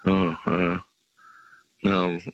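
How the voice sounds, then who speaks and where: A man calling a radio quiz, answering hesitantly with many pauses. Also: low voice, monotone, no room sound, highs cut off. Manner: hesitant, lots of uh and restarts. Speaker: radio caller. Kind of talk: quiz contestant on the phone.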